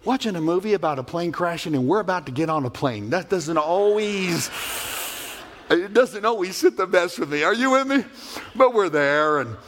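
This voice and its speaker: A man preaching a sermon as pastor, emphatic and animated, telling stories with vivid sound effects. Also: high voice, moderate pace.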